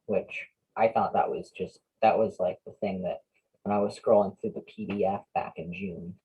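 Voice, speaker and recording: A man with a low, very raspy voice hosts a relaxed podcast chat, tossing out questions with plenty of "um"s and the odd joke. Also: moderate pace, rough recording. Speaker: podcast host. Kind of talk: casual podcast interview.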